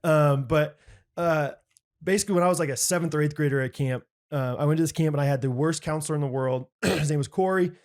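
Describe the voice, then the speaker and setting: A man in his thirties with a slightly raised voice co-hosts a casual podcast. He tells stories with lively energy and jumps into bold voices for the people he quotes. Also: on the high side, fast. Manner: animated storyteller, acts out quotes loudly. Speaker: podcast co-host. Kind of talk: casual chat, storytelling.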